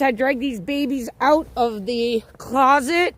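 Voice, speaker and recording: A woman's voice: high-pitched, slow pace. A woman hosting a live-stream walking tour outdoors, chatting and greeting viewers by name as she films on a handheld phone. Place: outdoors on a snowy city walk.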